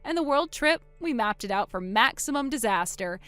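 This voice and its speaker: Woman playing a quiet vengeful sister, cool and sarcastic, dry close sound, faint music behind. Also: a little high, lively intonation, moderate pace, clear, resonant tone, dry recording. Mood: cold triumph. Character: calm, vengeful young woman springing a trap. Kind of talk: text-story voice acting.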